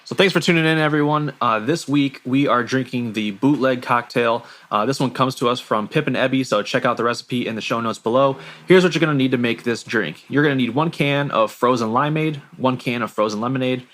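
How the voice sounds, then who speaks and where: A man co-hosting a podcast, presenting a cocktail recipe in a relaxed way. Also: mid-range voice, fairly quick, few pauses. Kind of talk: casual podcast chat.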